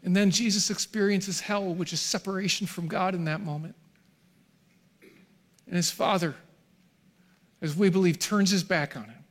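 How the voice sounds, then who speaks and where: A middle-aged male pastor preaching a sermon to a congregation in a church hall, swinging from hushed, near-whispered lines to shouted peaks. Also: high voice, fairly even intonation, normal speed, pauses often.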